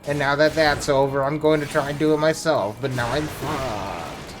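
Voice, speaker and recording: A man's voice: medium pitch, normal speed, music in the background. Joking man streaming a game. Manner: joking, profane asides. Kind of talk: casual gameplay commentary.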